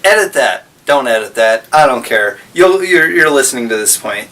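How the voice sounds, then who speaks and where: A man's voice: mid-range voice, animated, moderate pace, hardly any pauses, sharp tone, recorded from a distance. A man casually recapping a story, rambling and correcting himself as he goes.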